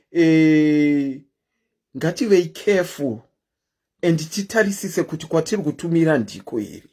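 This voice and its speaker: A woman's voice: low voice, darkish tone, slightly rough. A Zimbabwean woman hosting a casual live stream, chatting and greeting her viewers one by one.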